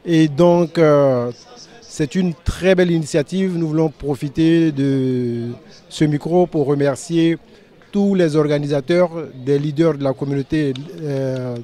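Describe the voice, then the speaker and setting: Male community rep, mellow and a bit high, halting delivery full of pauses, interviewed outdoors. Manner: hesitant, many filler sounds. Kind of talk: spoken interview at a rally. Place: outdoor park rally.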